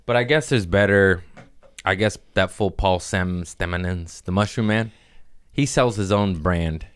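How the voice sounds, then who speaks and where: Deep-voiced man rambling on a podcast. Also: unhurried, smooth. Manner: rambling, profane, animated riffing. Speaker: podcast host. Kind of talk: casual comedic podcast chat.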